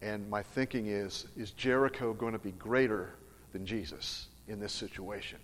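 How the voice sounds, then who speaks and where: Speaking in a fairly low, fairly bright voice with fairly even intonation and a moderate pace, a middle-aged man tells a personal story as an earnest, emphatic sermon. There's a little hiss or hum, plus the long reverb of a large hall.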